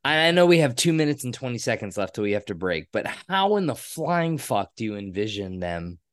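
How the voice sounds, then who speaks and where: A man co-hosting a podcast, talking casually and excitedly about a movie, given to swearing and rants. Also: medium pitch. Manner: animated, profane, quick to rant. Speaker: podcast co-host. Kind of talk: casual movie review chat.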